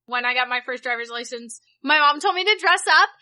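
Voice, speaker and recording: A woman's voice: high voice, a little fast. A woman in her twenties, a podcast co-host, telling stories in casual chat and acting out the people she quotes. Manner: animated storytelling, acts out quoted voices.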